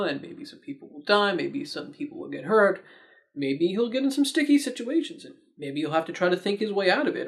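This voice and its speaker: A man with a fairly high voice hosts his own movie review show. He talks casually and chattily, dropping wry, sarcastic asides as he goes. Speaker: movie reviewer, host of the channel.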